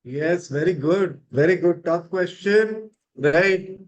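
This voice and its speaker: A man's voice: on the high side, slow, dull audio. A man teaching an online grammar class, encouraging students and checking with "right?".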